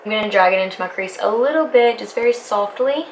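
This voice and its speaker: A woman's voice: medium pitch, quick pace, rough recording. A young woman in her twenties, a beauty vlogger chatting casually and rambling as she walks through a makeup tutorial at home. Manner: rambling, self-interrupting, talks while applying makeup. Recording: faint background noise.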